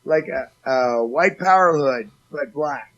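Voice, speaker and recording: A man's voice: medium pitch, slow pace, fairly bright tone. Profane rambling man, dull lo-fi audio. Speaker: guest. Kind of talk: casual chat.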